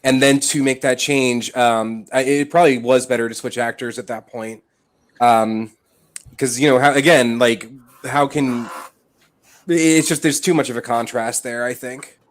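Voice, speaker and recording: A man's voice: mid-range voice, fairly even intonation. A man in a casual podcast discussion who argues carefully, restarting his sentences often. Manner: hesitant, lots of restarts, measured arguing.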